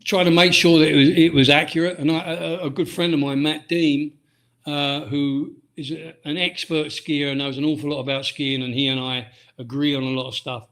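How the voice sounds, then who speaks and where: A man's voice: on the high side, level tone, normal speed, a bit bright. A middle-aged man from Britain, a ski instructor and author, talking casually in an interview and often restarting his sentences. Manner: rambling, frequent restarts and "um"s.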